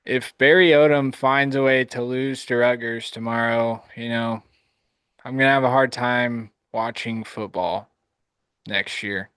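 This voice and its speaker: A man's voice: mid-range voice, fairly even intonation, a little slow, a bit bright, smooth, no echo. A man co-hosting a live sports podcast, laid-back and teasing his co-host.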